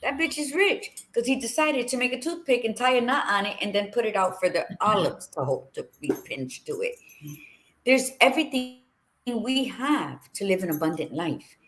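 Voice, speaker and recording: A woman's voice: a little high, lively intonation, normal speed, fairly bright tone, slight background noise. A woman co-hosting a casual motivational chat, talking bluntly and with a preachy edge. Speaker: co-host.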